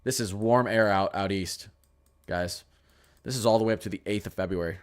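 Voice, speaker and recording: A young man with a lowish voice at normal speed hosts a casual weather livestream. He answers viewer questions and rambles through model charts, often repeating himself.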